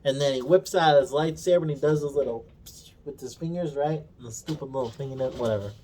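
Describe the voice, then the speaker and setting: A man's voice: medium pitch, quick pace, warm tone. Swearing, exasperated male reviewer. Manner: swears constantly, mocking and exasperated; retells scenes by acting out characters' lines. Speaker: video reviewer. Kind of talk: casual profane review rant.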